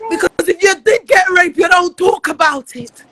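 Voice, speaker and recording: A woman, ranting loudly and profanely on a livestream, often close to tears. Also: very high voice, normal speed, dry recording. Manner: angry, loud and profane, often near tears. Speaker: live streamer. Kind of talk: heated livestream rant.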